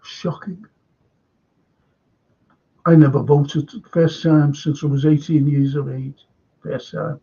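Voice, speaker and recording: An older man with a Liverpool accent talks slowly and warmly in a husky, slightly high voice, wandering from thought to thought and restarting his sentences. The stream audio sounds dull and lo-fi. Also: little pitch movement. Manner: slow, meandering, with many restarts. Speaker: live stream host reading viewer comments. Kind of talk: rambling casual chat.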